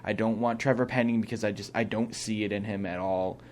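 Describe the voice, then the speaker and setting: A young male co-host talks football in a small studio, voice sitting a little low. He is opinionated and thinks out loud, restarting sentences as he works through his view in a loose, casual chat. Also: fairly even intonation, brisk, a little hiss or hum.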